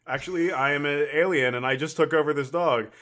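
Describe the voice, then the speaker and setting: A man's voice: on the high side, fairly quick, a bit bright. A man co-hosting a podcast, casually retelling movie scenes, acting out the characters' lines and swearing now and then. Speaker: podcast co-host. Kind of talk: casual chat.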